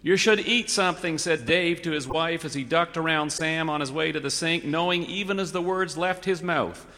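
A man reading a humorous story aloud with wry, measured narration and comic timing. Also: a little high, fairly even intonation, bright, forceful tone. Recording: reverberant hall.

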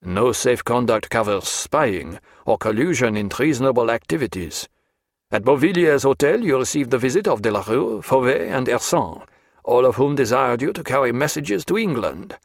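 A stern army major , as a male narrator puts him on, presses his questions in a cold, formal, measured voice. The reading is dry and close to the mic. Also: medium pitch, sing-song, gravelly, no echo. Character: stern interrogating army major, middle-aged man.

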